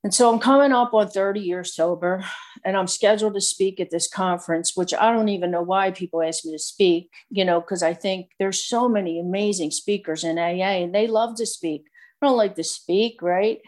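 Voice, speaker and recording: A woman's voice: mid-range voice, moderate pace, darkish tone. A middle-aged woman giving a candid, rambling personal testimony full of fillers. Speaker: speaker sharing recovery story.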